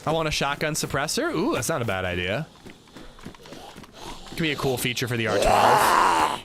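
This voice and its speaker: Rambling male game streamer, lively pitch. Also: normal speed, gravelly. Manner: rambling, talkative, lots of "like" fillers. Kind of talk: casual livestream gaming commentary. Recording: noisy background hiss.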